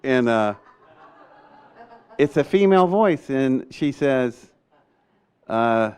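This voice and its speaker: Older man, animated storyteller, acts out quotes, smooth clear voice. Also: mid-range voice, slow, long pauses. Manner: acts out voices in quotes, excitable, laughs often. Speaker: storyteller recounting an experience.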